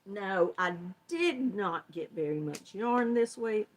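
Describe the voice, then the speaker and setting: A woman's voice: medium pitch, expressive, slow pace. An older woman with a Southern American accent, hosting a casual crochet livestream and chatting folksily with viewers, often laughing. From Georgia, US South. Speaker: crochet channel host.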